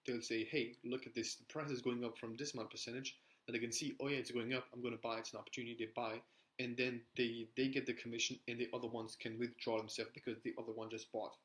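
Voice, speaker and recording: A young man gives casual sales coaching straight to camera. His pitch sits mid-range and barely rises or falls. He rambles loosely, checking in with "right?" and often starting his sentences over. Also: poor audio. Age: young adult. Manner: rambling, with frequent "right?" tags and restarts. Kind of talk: casual talking-head advice.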